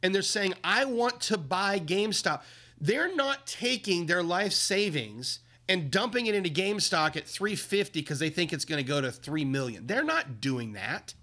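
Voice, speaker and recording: A man's voice: normal speed, hardly any pauses. Indignant man ranting on a livestream. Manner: indignant, emphatic, animated swings in pitch. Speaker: livestream host. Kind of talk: casual ranting livestream commentary.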